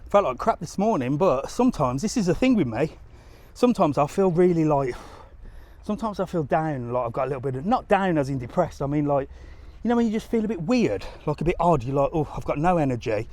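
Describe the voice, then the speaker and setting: A man's voice: fairly high pitch, big pitch swings, brisk, darkish tone. A man chatting casually to a live audience as he walks outdoors by a harbour, rambling through stories and laughing often. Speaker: travel vlogger. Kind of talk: casual live-stream chat.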